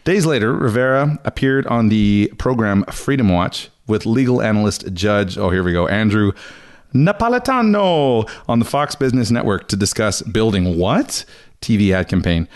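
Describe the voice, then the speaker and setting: Laughing podcast host, a man, lowish voice. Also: big pitch swings, normal speed. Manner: chatty, laughs often, reads quotes in a mock voice. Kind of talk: casual chat, reading out articles.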